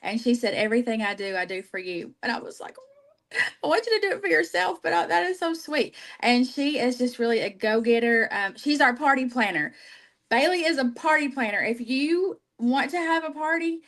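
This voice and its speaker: A woman's voice: a little high, expressive, normal speed, a bit bright. A woman talking casually and emotionally about her team and her products. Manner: heartfelt, emotional, storytelling. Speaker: team leader, guest. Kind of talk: casual livestream chat.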